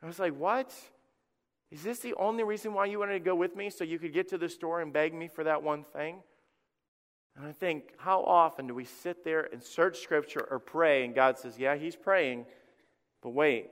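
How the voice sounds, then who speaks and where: Middle-aged male pastor, high voice, chatty animated sermon delivery, church reverb. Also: normal speed. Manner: conversational, animated storytelling with acted quotes. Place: church sanctuary. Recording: long reverb of a church hall.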